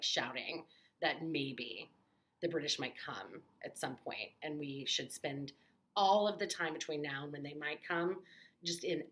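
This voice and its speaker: Bright-voiced, rambling woman vlogger. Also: low voice. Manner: rambling, lots of "like" fillers, candid. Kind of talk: casual chat to camera.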